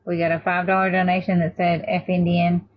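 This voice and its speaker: Woman live streamer, lowish voice, thanks donors, faint room hum behind. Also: completely flat delivery, brisk, dull audio. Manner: thanks donors and rallies viewers toward a goal. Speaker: live streamer raising donations. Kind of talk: casual live-stream chat.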